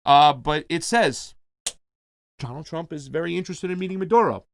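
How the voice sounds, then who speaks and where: A man's voice: on the high side, normal speed, creaky. A man hosting a casual political commentary show, talking informally and animatedly to his viewers.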